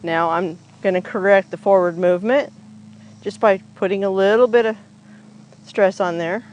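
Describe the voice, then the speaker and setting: A horse trainer talks through a groundwork session outdoors in a relaxed, chatty way. The speaker's pitch sits mid-range, and a faint outdoor hiss runs underneath. The voice is picked up by a camera standing nearby. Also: normal speed, muffled recording. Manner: chatty, explains each step aloud, talks to the horse in coaxing baby talk. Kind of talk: casual explanatory groundwork demo. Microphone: camera set up nearby on the ground.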